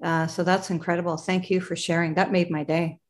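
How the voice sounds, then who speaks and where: A woman's voice: on the low side, little pitch movement, brisk. A woman hosting a podcast interview, talking in an affirming way about energy and spiritual ideas. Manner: warm, affirming, spiritual talk. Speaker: podcast host. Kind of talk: conversational interview.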